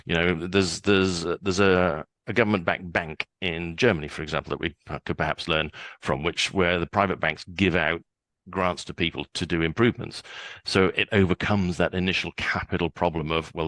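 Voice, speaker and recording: A man's voice: low voice, fairly bright tone, dry recording. A man in his sixties, a guest on a podcast interview, chatty and often repeating words as he starts a sentence.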